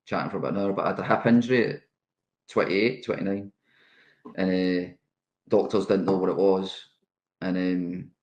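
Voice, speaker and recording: A middle-aged Scottish man with a low voice tells anecdotes from his playing days, with a lively, laughing delivery. The sound is roomy and echoey around him. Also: normal speed, long pauses, muffled recording. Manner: animated anecdote telling with laughs. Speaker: guest, former footballer. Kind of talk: casual storytelling interview.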